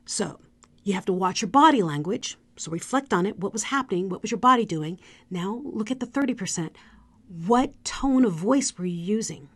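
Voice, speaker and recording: A middle-aged woman, a speaker coach, giving an animated motivational talk with demonstrative asides. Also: medium pitch, normal speed, slightly rough.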